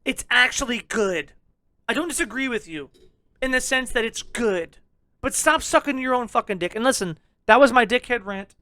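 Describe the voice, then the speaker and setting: A young man rants on a podcast with a loud, jokingly abrasive edge. He swears freely and teases his listeners. The recording is close and dry. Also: very high voice, expressive, moderate pace, no echo. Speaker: podcast co-host. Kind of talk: casual ranting review chat.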